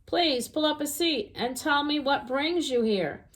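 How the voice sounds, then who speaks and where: A woman reading a storybook aloud, voicing a friendly, chatty female skunk who talks in a squeaky, eager, folksy way. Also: a little slow. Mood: excited.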